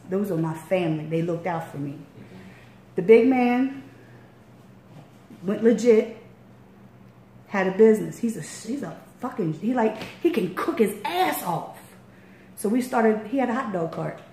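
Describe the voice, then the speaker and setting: Animated woman with a Baltimore accent. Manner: animated, acts out quotes with big pitch jumps. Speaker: interviewer telling a story. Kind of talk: casual storytelling. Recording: echoey room, faint noise.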